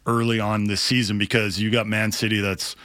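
A man's voice: lowish voice, level tone, a little fast, fairly bright tone, no echo. A man co-hosting a sports radio show, talking through teams and results in a matter-of-fact way. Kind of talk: casual sports talk.

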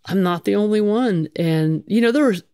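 A woman's voice: mid-range voice, normal speed, mellow, clear, resonant tone, dry recording, studio quality. Blunt, candid middle-aged woman firefighter. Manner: blunt, casual and profane, with many fillers. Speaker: firefighter telling her story. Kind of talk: candid conversational storytelling.

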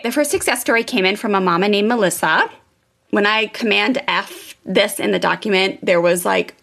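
A woman hosting a parenting podcast, talking in a chatty, animated way with lots of fillers. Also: mid-range voice, vocal fry. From California, USA. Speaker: parenting podcast host and coach. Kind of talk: casual podcast monologue.

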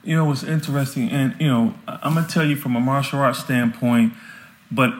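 A man's voice: mid-range voice, steady tone, fairly quick. A man guest on a podcast interview, talking earnestly and with heartfelt fervor.

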